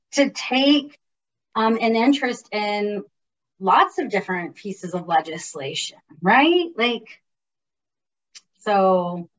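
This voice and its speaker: A woman's voice: fairly high pitch, distant mic, muffled recording. A woman who directs public policy, chatting informally about the legislative process with many fillers and restarts. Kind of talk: casual informational chat.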